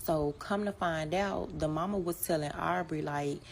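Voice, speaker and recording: Low-voiced woman, casual storyteller, chatty, full of asides to her listeners. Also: normal speed, gravelly, a little hiss or hum. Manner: chatty, addresses listeners as y'all, many fillers.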